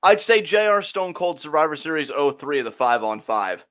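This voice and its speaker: A man's voice: a little high, very animated, moderate pace, fairly bright tone. A young man co-hosting a casual podcast, joking and laughing often as he chats. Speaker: co-host.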